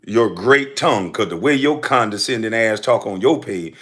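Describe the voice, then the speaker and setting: A man's voice: fairly low pitch, expressive, fairly quick, hardly any pauses. Heated, profane man ranting to camera. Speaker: commentator answering critics. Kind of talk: angry direct-to-camera rant.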